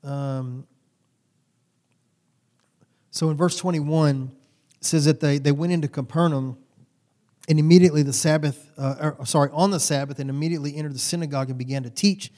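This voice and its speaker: A man's voice: on the high side, steady tone, moderate pace, pauses often. Folksy preacher man in his forties. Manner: folksy storytelling with sudden loud bursts. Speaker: pastor. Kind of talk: sermon.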